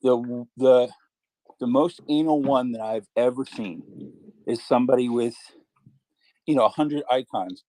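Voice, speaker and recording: A man hosts a casual live audio-room chat, talking eagerly and chattily and stumbling over his restarts. His voice sits at a mid pitch. The sound is dry, with no room echo. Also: measured pace, long pauses, mellow. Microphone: computer or phone mic in a live audio room.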